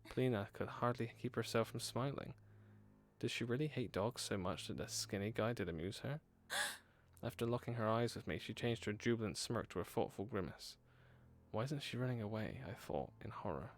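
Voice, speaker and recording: Low-voiced man reading a game aloud. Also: moderate pace. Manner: dramatic reading with laughing asides. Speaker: gaming streamer. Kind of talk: reading a visual novel aloud.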